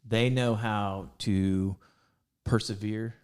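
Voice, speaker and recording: Guy with a lowish voice, sincere, thanking his old coaches on a podcast. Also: steady tone, takes it slowly, darkish tone, smooth. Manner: earnest, laughs along, heartfelt thanks. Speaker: podcast guest, former college athlete. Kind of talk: casual podcast chat.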